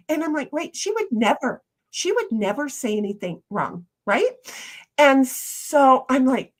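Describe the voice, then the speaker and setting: Woman streamer, fairly high voice, rambling casual chat, lots of restarts. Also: a bit bright. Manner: rambling, chatty, with many restarts.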